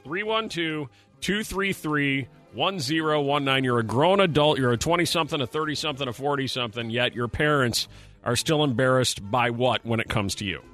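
A man's voice: medium pitch, a little fast, a bit bright, faint music behind. A man hosting a morning radio show, joking with co-hosts and taking callers, and acting out quotes in mock voices. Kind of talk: casual radio banter.

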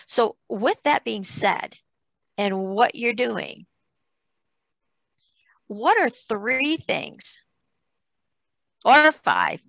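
Gravelly-voiced older woman podcast host. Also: a little high, very animated, extremely slow, long pauses, fairly bright tone, no echo. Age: 60s. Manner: chatty, rambling, laughs often. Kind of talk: casual podcast interview.

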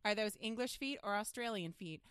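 A young woman co-hosting a casual podcast chat, animated and blunt, swearing freely. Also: a little fast, clear, resonant tone, no echo, studio quality. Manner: animated, swearing, laughing, jumps between high and low tones. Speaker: podcast co-host.

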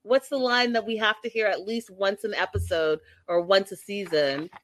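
A woman hosting a casual live-stream recap of a reality show, talking to viewers in a sassy, animated, exasperated way. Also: mid-range voice, moderate pace, slight background noise.

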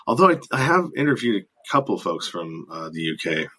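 A man's voice: lowish voice, very animated, brisk, bright, forceful tone, husky. American man hosting a rambling chat. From United States. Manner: rambling, hesitant, with many fillers and restarts. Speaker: host. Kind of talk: casual interview chat.

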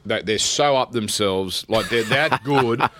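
An Australian man co-hosting a sports show, telling stories in a lively casual chat. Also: unhurried. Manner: animated storyteller, jumps high when excited. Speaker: radio sports co-host.

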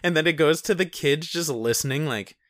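A man co-hosts a loose, profane film chat with a bright, forward voice. He laughs easily and slips into acted-out quotes. The sound is dry and close, with no room around it. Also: a little high, a little fast, dry recording. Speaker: podcast co-host. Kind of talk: casual film discussion chat.

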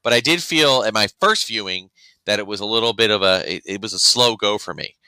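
A man's voice: lowish voice, brisk, bright, forceful tone, clean tone, dry recording, low-quality recording. A man co-hosting a podcast in casual chat, rambling with frequent restarts and acting out other people's reactions. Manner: rambling, restarts often, acts out quoted reactions. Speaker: podcast co-host.

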